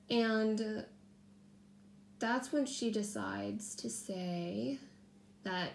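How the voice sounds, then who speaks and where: A woman's voice: medium pitch, drawn-out words, creaky, long pauses, a little hiss or hum. A woman in her thirties casually telling a personal story while crafting, chatty, with restarts and acted-out quotes. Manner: chatty, many restarts and fillers, acts out her own quoted words. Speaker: craft vlogger and mother.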